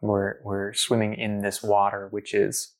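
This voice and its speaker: In an unhurried, lowish voice, a man spins out a long story from his own life in casual talk, acting out what others said and filling his speech with fillers in a lively, storytelling style.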